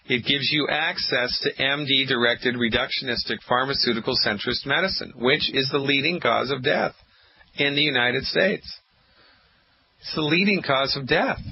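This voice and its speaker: A man's voice: medium pitch, moderate pace, vocal fry, husky, no room sound. A man hosting a call-in radio health show, emphatic and preachy, repeating lines for effect. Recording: muffled lo-fi radio audio.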